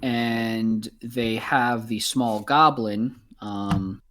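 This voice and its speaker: A man's voice: medium pitch, steady tone, drawn-out words, fairly bright tone, a little hiss or hum. A man narrating as game master in a casual way, with many ums and uhs.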